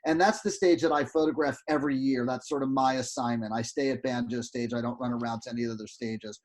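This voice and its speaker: A man's voice: mid-range voice, fast. A man, a guest photographer, telling a rambling story with fillers and restarts on a video call. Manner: animated, lots of restarts and fillers.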